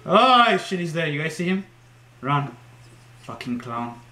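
Speaking a little slowly in a fairly high, slightly bright voice, a young gaming YouTuber comments on a horror game he's playing at home. He jumps, swears, and shrieks at the scares, in an echoey room with faint noise.

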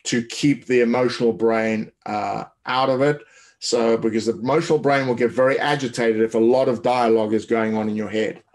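A man's voice: mid-range voice, a little mellow. Man coaching in a rambling webinar talk. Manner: loose, filler-heavy explaining with many restarts. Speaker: tennis coach.

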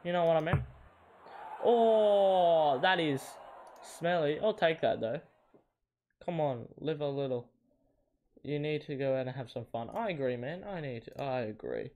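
A young man talks his way through a football video game in a fairly high voice, groaning and shouting when shots go wrong. Faint mouse clicks sit under his commentary. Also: expressive, moderate pace, narrow, tinny audio, slight background noise. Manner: frustrated, yelps and groans at misses. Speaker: gamer. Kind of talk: casual gameplay commentary.

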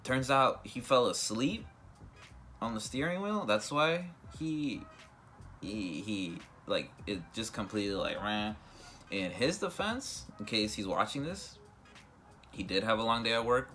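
A man's voice: lowish voice, animated, a little slow, fairly bright tone, faint music behind. Rambling young man telling a storytime. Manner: rambling, loose, many fillers and restarts. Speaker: vlogger. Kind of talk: casual storytime.

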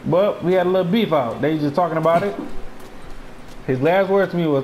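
A young man hosts a let's-play with brash, profane, slang-heavy banter. His voice sits a touch higher than most men's. A faint hiss runs underneath. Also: expressive, fast talker, darkish tone. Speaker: gaming host.

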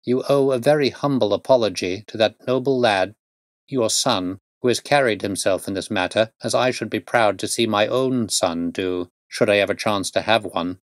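A man voicing a calm, stern male detective who explains things in a measured, precise way. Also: on the low side, no room sound, studio quality, close to an everyday voice.

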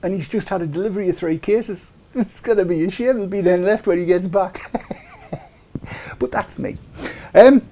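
A man's voice: high voice, normal speed, long pauses, dark tone, slight background noise. A middle-aged man hosting a casual live webcast, joking and rambling with chuckling asides. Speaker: show host.

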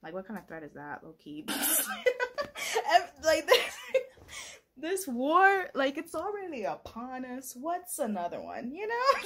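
A woman's voice: high voice, wildly swooping pitch, takes it slowly, a bit bright. A young woman vlogging about books she is reading, gushing and laughing often and sometimes reading passages aloud. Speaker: book vlogger. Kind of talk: casual reading vlog.

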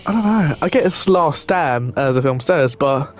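A young man running a gaming channel gives loose commentary while he plays, talking with viewers and dropping the odd swear word. His fairly high voice is expressive at a normal speed, over faint background music.

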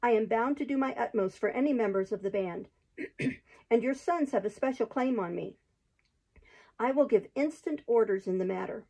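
A woman's voice: a little high, normal speed, warm tone, breathy edge, rough recording. A woman voicing a bold, merry male outlaw leader who speaks in hearty exclamations, read aloud from a storybook.

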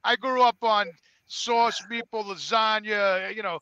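Bright, high-voiced man who keeps repeating himself. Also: steady tone, unhurried, clean tone, dry recording, muffled recording. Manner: repeats himself, swears, boastful. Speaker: podcast regular. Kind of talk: casual podcast chat.

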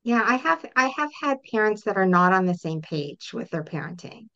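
Middle-aged woman, parent coach guest; bright, crisp-edged voice, earnest and explanatory; muffled lo-fi audio. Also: mid-range voice, sing-song, moderate pace. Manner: earnest, explanatory, acts out example dialogues. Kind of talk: interview answers. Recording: dull lo-fi audio.

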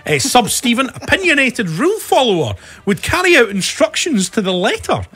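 Teasing Scottish host, high voice, very lively, casual football chat. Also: male voice, moderate pace, breathy edge. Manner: teasing, wry, runs the segments. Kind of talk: casual studio banter.

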